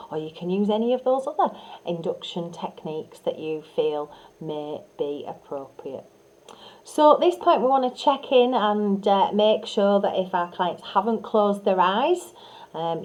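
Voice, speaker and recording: Woman trainer, calm instructional delivery, unhurried, warm and mellow tone. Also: on the low side, rough recording. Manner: calm, soothing, with soft demonstration whispers; frequent fillers and restarts. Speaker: hypnotherapy trainer. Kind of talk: instructional teaching talk.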